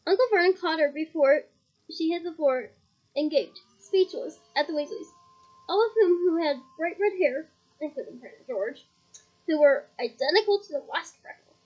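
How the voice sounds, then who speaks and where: A woman's voice: high voice, lively intonation, moderate pace, dull audio. A woman reading a novel aloud, voicing the characters and stopping for chatty, giggly asides. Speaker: reader.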